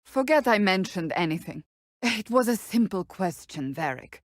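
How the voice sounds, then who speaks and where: A woman's voice: medium pitch, sing-song, moderate pace, no echo, clean studio sound, natural voice. An actress playing a stern, blunt female warrior in curt, formal video game companion dialogue.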